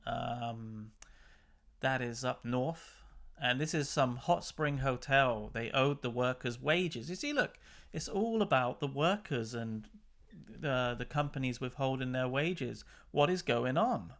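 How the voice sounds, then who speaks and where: Commenting on news clips for his channel, a man talks in a chatty, exasperated way and laughs between his remarks. He speaks slowly in a mid-range voice that's a bit bright.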